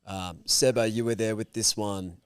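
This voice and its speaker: An Australian man co-hosting a podcast, telling stories in a lively, casual way with free swearing. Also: on the low side, moderate pace, smooth. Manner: animated storyteller, swearing freely. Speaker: podcast co-host. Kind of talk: casual chat.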